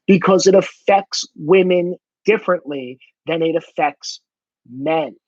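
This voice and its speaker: A man's voice: fairly high pitch, unhurried, a little mellow, no echo, lo-fi sound. A man in a blunt, profane ranting monologue, swearing heavily for emphasis. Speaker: commentator.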